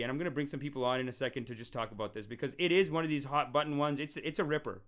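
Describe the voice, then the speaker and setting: A young man hosting a casual call-in show, rambling and animated, often restarting his sentences and acting out quotes. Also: mid-range voice, very fast, few pauses. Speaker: show host and self-styled spiritual teacher. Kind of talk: casual livestream call-in talk.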